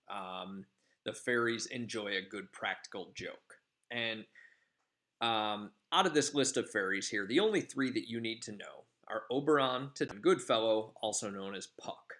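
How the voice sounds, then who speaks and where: A man's voice: on the low side, a bit bright. A male teacher giving a casual, rambling class lecture, full of filler ums. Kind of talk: classroom lecture summarizing a play.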